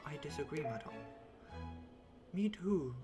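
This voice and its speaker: A woman's voice: low voice, lively intonation, measured pace. A woman voicing a pompous older male general who speaks formally and stumbles over big words. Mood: haughty. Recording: clear game music behind.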